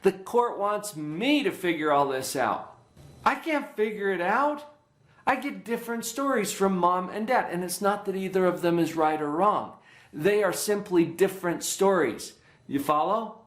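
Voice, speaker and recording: A middle-aged man with a fairly high voice teaches a parenting workshop in an earnest, teacherly way. He keeps checking in with his audience. The room adds a noticeable echo. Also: expressive, measured pace. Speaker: workshop presenter, psychologist. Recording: echoey room.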